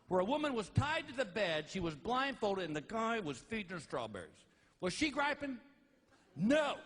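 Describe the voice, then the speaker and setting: A middle-aged man doing a stand-up comedy routine, telling stories animatedly and jumping into high put-on voices for others. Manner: animated storytelling with high-pitched put-on voices for wife and dog. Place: large theater stage with a laughing audience. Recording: live concert recording with audience noise.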